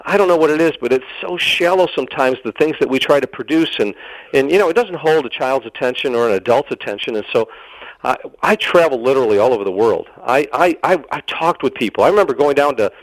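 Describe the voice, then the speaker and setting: A man telling his story as a guest in a radio interview, eager and rushed, with frequent restarts and stammers. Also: mid-range voice, animated, no echo, poor audio. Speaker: interview guest, theatre founder. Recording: dry radio studio sound.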